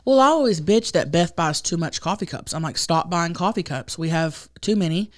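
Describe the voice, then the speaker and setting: Woman, 30s, podcast co-host, slightly low voice, animated storyteller, swears freely, casual chat. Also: normal speed.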